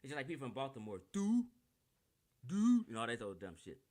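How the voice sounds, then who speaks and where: A man's voice: mid-range voice, very animated, racing, darkish tone. A man with a Californian accent giving a brash, combative and profane lecture on a livestream while sharing his screen. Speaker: online lecturer.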